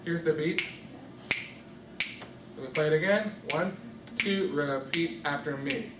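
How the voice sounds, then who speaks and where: In an echoey classroom, a man with a fairly high pitch teaches music a little slowly, patiently questioning students by name. The recording is distant, with background noise.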